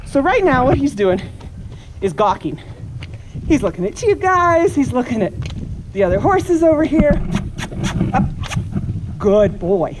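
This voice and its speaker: A woman's voice: high voice, sing-song, measured pace, long pauses. Woman horse trainer teaching outdoors. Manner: coaxing the horse between explanations. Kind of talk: live teaching demonstration. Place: outdoor horse pen at a camp. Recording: noisy outdoor recording.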